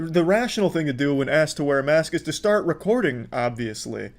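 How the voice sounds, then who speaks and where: Guy roasting people in videos, foul mouthed and mocking, kinda high pitched. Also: lively intonation, fairly quick. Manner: profane, mocking. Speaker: host reacting to clips. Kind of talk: sarcastic commentary.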